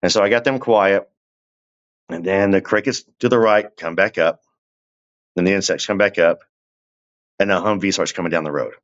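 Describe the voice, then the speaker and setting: A man with a drawl and a low voice, spinning a long, unhurried story as a podcast guest. He keeps turning to the listener with little asides. The audio is dull and lo-fi, like a remote call. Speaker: guest telling his story. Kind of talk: casual storytelling.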